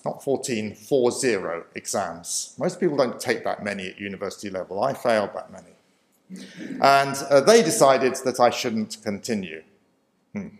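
A man, a minister, telling his life story with self-deprecating humour and frequent laughter. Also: medium pitch. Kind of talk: personal testimony talk. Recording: roomy echo.

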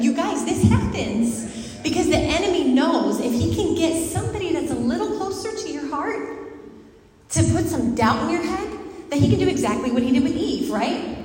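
A woman preaching a lively sermon to a congregation, talking conversationally and asking them questions. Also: sits high, normal speed, slight background noise. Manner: animated, conversational, asks the audience questions. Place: church hall with a live congregation. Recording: echoey hall, mic far off.

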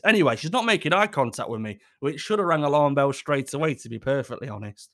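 A man spins a comic story about himself, swearing freely and laughing at his own jokes. His voice sits a little high and swoops up and down as he acts out each quote. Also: expressive, fast, fairly bright tone. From United Kingdom. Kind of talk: comic personal anecdote.

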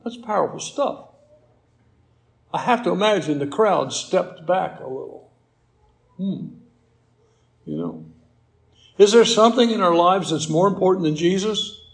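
A man's voice: high voice, lively intonation, a little slow, vocal fry, pauses often, roomy sound. A man preaching a sermon as pastor, building emphasis with repeated rhetorical questions.

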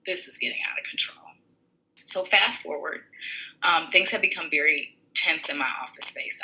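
A woman tells a story from her own life and acts out each exchange as she goes. Her voice sits a little low but has a very bright, forward tone. The retelling stays lively throughout. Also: rough recording. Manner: animated retelling with quoted voices. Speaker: podcaster telling a personal story. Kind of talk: personal storytelling.

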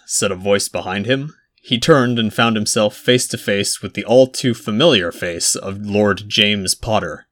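A man narrating a fan fiction chapter aloud in a measured storytelling manner. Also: on the low side, a bit bright. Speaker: audiobook narrator.

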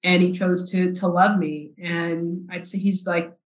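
A woman in her forties from South Texas, a podcast guest telling her personal story in an earnest, halting way with repeated words. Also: lowish voice, little pitch movement. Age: 40s. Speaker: podcast guest, nonprofit CEO. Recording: roomy echo.

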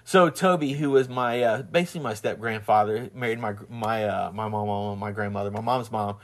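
A man's voice: fairly low pitch, fairly quick. A man with a Southern twang in casual chat, rambling with many restarts and laughing often as he tells stories. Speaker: husband and father.

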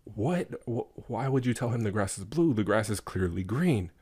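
A man doing an exasperated, deep-voiced tiger. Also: lively intonation, normal speed, darkish tone, slightly rough. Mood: incredulous. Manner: incredulous, exasperated. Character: baffled, argumentative male tiger.

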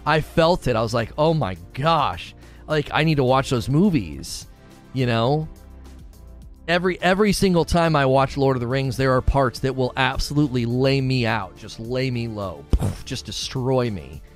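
A man chatting casually and earnestly, often repeating himself as he talks about what moves him. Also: medium pitch. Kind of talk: casual chat.

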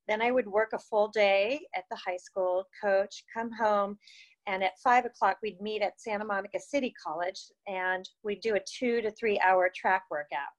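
A woman's voice: mid-range voice, moderate pace. A woman in her fifties, a former distance runner, tells stories in an interview in a casual, chatty way, filling her talk with "you know" and "like" and often laughing. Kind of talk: casual storytelling.

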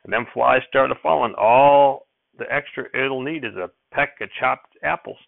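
A man voicing a peevish, sharp-tongued farm woman who makes tart retorts in country dialect. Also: medium pitch, moderate pace, creaky, dry recording, phone-quality sound, close to an everyday voice.

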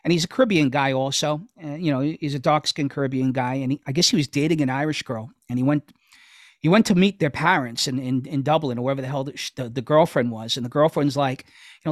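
A man's voice: a little high, fairly quick, no echo, clean studio sound. A man co-hosting a casual chat podcast, telling rambling stories with plenty of swearing. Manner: rambling storyteller, swears freely. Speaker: podcast co-host.

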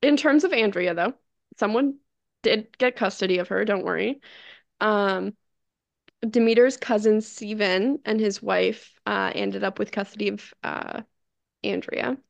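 A woman's voice: mid-range voice, unhurried, vocal fry, dry recording. A woman co-hosting a podcast, recounting a true-crime case in casual chat, often tripping over foreign names and laughing it off. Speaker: podcast co-host.

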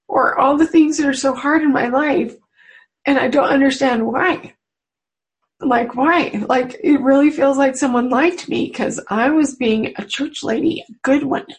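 A woman, a mother, speaking to a webinar audience in a personal spiritual talk, earnest and confiding, with unhurried pauses. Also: sits high, rough recording. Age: adult mother. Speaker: webinar presenter.

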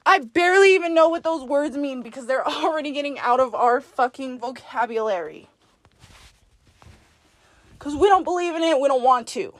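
A woman hosting a podcast, talking to herself in the second person in a blunt, profane, forceful pep talk. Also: sits high, lively intonation, normal speed, no echo. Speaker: podcast host. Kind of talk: self-directed pep talk monologue.

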